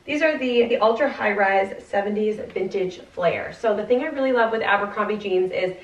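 A woman's voice: mid-range voice, normal speed. A young woman, a fashion vlogger, chatting in a bubbly way while she tries on clothes for a haul video. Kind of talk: try-on haul vlog. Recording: roomy, distant and slightly dull.

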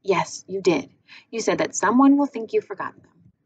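A woman's voice: mid-range voice, lively intonation, moderate pace, lightly acted. A woman voicing a bored, bossy older sister who presses and needles her brother. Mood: insistent. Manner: insistent, needling. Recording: muffled with faint hiss.

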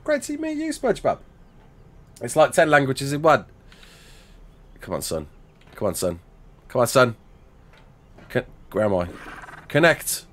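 A man in his thirties from the Black Country, England, speaks with a Black Country accent while chatting casually on a game livestream, reading chat aloud and thanking donors with self-mocking humour. His voice is medium-pitched, lively and fairly bright, unhurried with frequent pauses.

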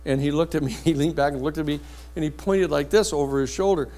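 A man lecturing a university class, telling a courtroom story in a blunt, lively anecdotal way. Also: on the high side, quick pace.

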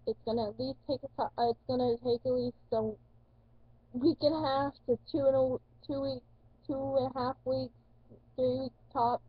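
Rambling young woman vlogger, husky lo-fi. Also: high voice, normal speed, no room sound. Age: young adult. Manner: rambling, full of likes and ums, excitable. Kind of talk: casual chat.

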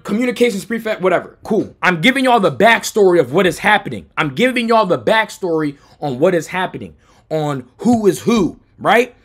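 A young American man who streams, telling a personal story in a loose, profane way, going from low mutters to shouts. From United States. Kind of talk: storytime chat.

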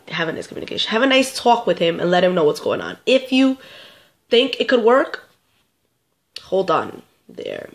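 A young woman with a stuffy, congested voice, talking casually to her camera. She gives relationship advice to her viewers in a chatty, repetitive way. Her pitch sits in the middle range. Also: fairly bright tone. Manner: chatty, repeats herself, talks straight to viewers. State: stuffed up, getting sick. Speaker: vlogger answering viewer questions.

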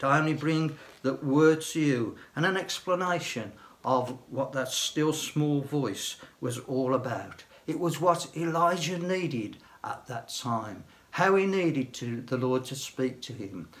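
An older man, a church elder, preaching a sermon in a slow, gentle way and dropping to a hush on key phrases. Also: medium pitch, expressive.

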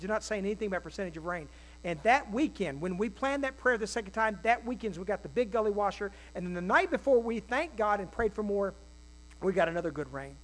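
A male pastor preaching a sermon in a folksy, animated way, with quick asides and acted-out quotes. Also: high voice, poor audio. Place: church.

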